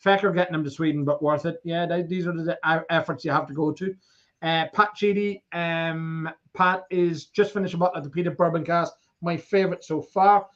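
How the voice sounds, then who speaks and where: An Irish man hosting a livestream in a loose, joking way, teasing his guest and reading out comments. His voice sits a little high, and the recording sounds dull and lo-fi. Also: steady tone, normal speed, a bit bright. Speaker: auction livestream host. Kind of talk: casual livestream banter.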